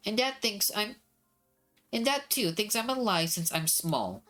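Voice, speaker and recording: A woman's voice: mid-range voice, lively intonation, measured pace, fairly bright tone, soft background music, pitched above the performer's own voice. A woman voicing a small, anxious little girl from a visual novel, speaking in an earnest, childlike way. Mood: pleading. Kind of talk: reading a visual novel aloud.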